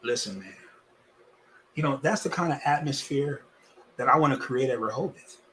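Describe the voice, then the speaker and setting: A male pastor preaching in a lively, folksy way, swinging between loud and hushed delivery with much repetition. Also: medium pitch, normal speed, a little hiss or hum. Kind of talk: sermon.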